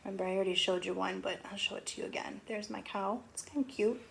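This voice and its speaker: A woman teacher leads a remote lesson for young children, counting slowly in a gentle, sing-song, encouraging way. Her voice is medium-pitched and gravelly.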